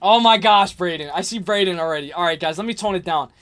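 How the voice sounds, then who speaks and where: A young man hosting a livestream, ranting hard about fights, repeating himself, swearing and yelling at times. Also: sits high, fast talker. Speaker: livestream host. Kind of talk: heated livestream rant.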